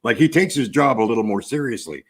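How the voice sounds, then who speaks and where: A man's voice with a husky, slightly breathy edge that moves a lot in pitch as he talks. He speaks in casual panel chat, delivering wind-ups with a straight face. Over time the deadpan gives way to laughter. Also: fast. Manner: deadpan trolling with a poker face, breaking into laughter.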